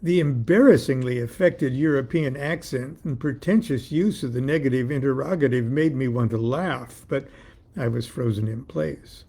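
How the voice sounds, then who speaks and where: A man's voice: mid-range voice, moderate pace, vocal fry, warm tone, breathy edge. An author reading his own story aloud, in a dry, wry storytelling manner.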